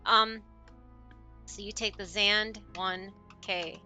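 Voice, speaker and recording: A woman streaming a game live, reacting excitedly and rambling with many restarts. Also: mid-range voice, takes it slowly, soft background music. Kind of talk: casual live-stream commentary.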